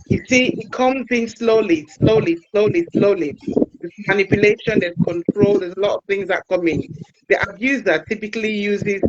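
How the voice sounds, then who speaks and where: A man giving an earnest explanatory talk, speaking slowly and repeating himself for emphasis, and acting out quoted lines. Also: high voice. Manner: repetitive, slow emphasis, acts out quoted lines. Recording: muffled audio with loud noise.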